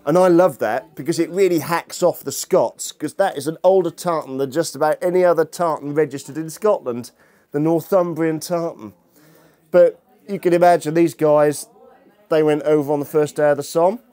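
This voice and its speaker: A man's voice: a little high, moderate pace, warm tone. A man lecturing as a historian to an audience, humorous and chatty, bantering with the room. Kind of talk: lecture with jokey asides.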